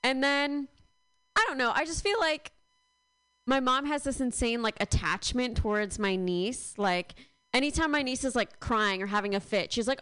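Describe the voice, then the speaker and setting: A woman's voice: fairly high pitch, moderate pace, fairly bright tone, clear, resonant tone, no echo. A young woman in her twenties doing a rambling stand-up set, full of fillers and self-deprecating asides. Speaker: stand-up comedian.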